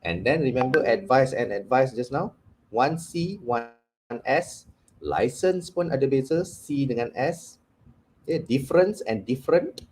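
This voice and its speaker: A man's voice: medium pitch, animated, measured pace, darkish tone, a little hiss or hum. A man with a Malaysian English accent, leading a workshop lecture as an English trainer. He often slips into Malay and keeps checking in with "okay?".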